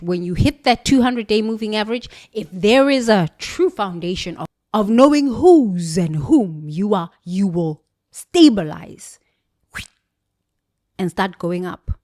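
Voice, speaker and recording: A woman with a British accent giving an emphatic spiritual motivational monologue, preachy, with sudden jumps in pitch and volume. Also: darkish tone. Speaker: motivational speaker.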